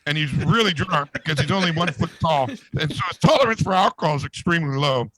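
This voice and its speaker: Male podcast co-host, fairly high voice, reads a joke with animated flair, dry close mic. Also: fast talker, few pauses, no room sound, rough recording. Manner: animated storytelling, laughing at own joke. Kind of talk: reading a long joke aloud, casual chat.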